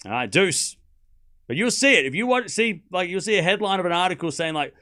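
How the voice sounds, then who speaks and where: A young man hosting a live tennis watchalong, chatting excitedly with viewers and calling scores. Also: sits high, brisk. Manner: chatty and excitable, laughs often, repeats phrases, calls out live scores. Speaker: livestream tennis watchalong host. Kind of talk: casual live-stream commentary chatting with viewers.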